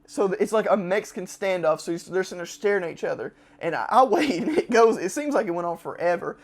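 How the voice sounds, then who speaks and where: A man, a podcast host, telling a long story casually and acting out the quotes with sudden shouts. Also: high voice, fast. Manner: animated, acts out quotes with loud shouts.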